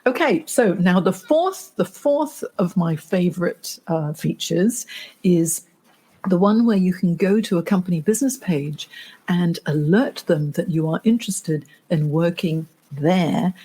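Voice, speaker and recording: A middle-aged woman career coach hosting a podcast interview, telling stories in a lively, animated way. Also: on the low side, a little slow, breathy edge.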